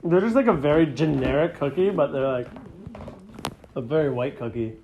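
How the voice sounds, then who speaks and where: A man's voice: on the high side, expressive, normal speed, vocal fry, dark tone, highs cut off, slight background noise. A man hosting a podcast in casual chat, teasing his guests and laughing. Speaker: podcast host.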